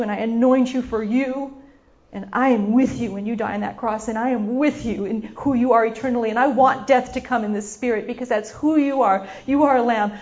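A woman's voice: on the high side, a little mellow, close to an everyday voice. A woman preaching, voicing Mary of Bethany as a devoted woman who fervently repeats her vows of love. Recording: dull lo-fi recording.

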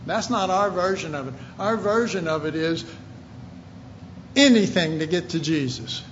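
Emphatic male preacher, high voice, slow delivery, reads scripture, muffled lo-fi sound with faint hiss. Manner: emphatic, rising to shouted questions; reads scripture aloud in King James wording. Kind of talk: sermon.

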